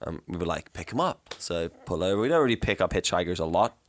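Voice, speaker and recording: A man's voice: low-pitched, animated, fast. A young man from South Africa whose accent mixes South African and Northern Irish sounds, telling stories in casual chat as a podcast co-host. He swears freely and mimics voices as he goes. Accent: South African with Northern Irish influence.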